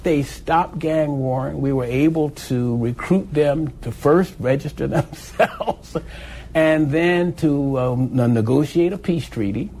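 An older man recalling his civil rights days in an oral history interview, animated, with many halting restarts. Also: on the high side, slight background noise.

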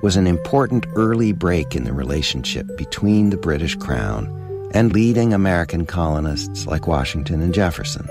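Low male host voice for scripted history narration, measured storytelling, soft music underneath. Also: big pitch swings. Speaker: radio documentary host.

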